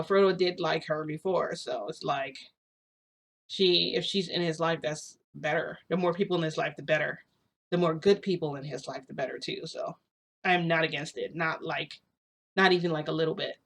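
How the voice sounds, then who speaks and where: A woman's voice: sits low, fairly even intonation, normal speed. A young adult woman telling a story in a casual, rambling, filler-heavy way.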